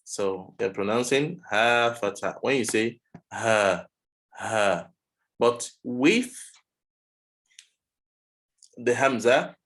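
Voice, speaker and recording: A man's voice: mid-range voice, expressive, slow pace, pauses often, a bit bright, rough recording. A man teaching pronunciation in a one-on-one online lesson, patiently modelling sounds for the student to repeat.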